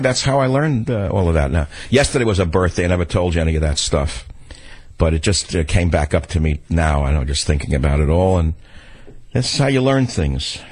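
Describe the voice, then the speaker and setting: An older man with a husky voice, hosting a radio talk show as a ranting, repetitive monologue that jumps up in pitch for emphasis. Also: dry recording, rough recording.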